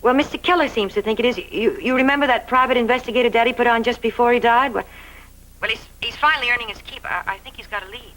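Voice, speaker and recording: A woman's voice: on the high side, quick pace, fairly bright tone, close to an everyday voice, poor audio. An actress playing an anxious, loyal young woman, talking breathlessly and stammering eagerly.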